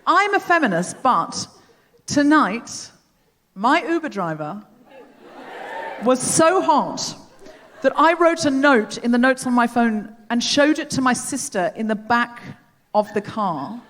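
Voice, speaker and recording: A woman's voice: fairly high pitch, expressive, a little slow, pauses often, a bit bright, slight background noise. A woman hosting a live comedy podcast on a theatre stage, telling rambling, self-deprecating stories. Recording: long theatre reverb.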